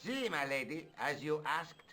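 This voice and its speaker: A loyal but suspicious manservant in a video game, speaking. His voice is bright and lively, slightly high, terse and deferential. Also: measured pace, soft background music, heavily acted. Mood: wary. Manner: terse, deferential yet wary. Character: loyal, suspicious Spanish manservant, middle-aged man.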